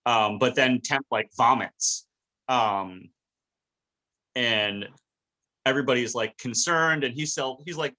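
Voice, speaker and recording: A male podcast host with a mid-range voice recaps an episode scene by scene, casual and animated in his storytelling. He takes it slowly and pauses often as he recounts the scenes.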